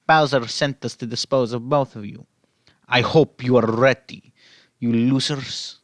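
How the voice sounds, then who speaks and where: A man's voice: medium pitch, slow pace, a bit bright, no room sound, studio quality. A man voicing a menacing, boastful male villain with a put-on Russian-style accent. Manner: snarling threats, mock Russian accent.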